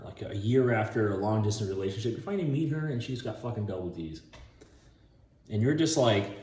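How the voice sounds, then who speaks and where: A man hosting a casual, rambling monologue. He chuckles often and acts out scenes in voices as he pitches a movie idea. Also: darkish tone, reverberant. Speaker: online video host.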